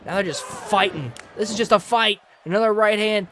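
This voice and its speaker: Very high-voiced excited wrestling commentator man. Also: moderate pace, a faint crowd, slight background noise. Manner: energetic, often shouting.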